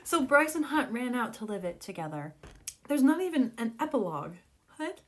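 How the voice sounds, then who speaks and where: A young adult woman reading a fantasy novel aloud and reacting in an excitable, gushing way, breaking into laughter often. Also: on the high side, normal speed. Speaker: book vlogger.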